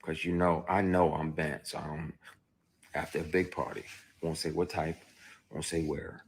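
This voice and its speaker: A man, an actor, speaking candidly about a personal experience, telling it bluntly with frequent cursing and swinging between quiet brooding and loud bursts. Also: a bass voice, flat delivery, normal speed, husky. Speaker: actor recounting his experience.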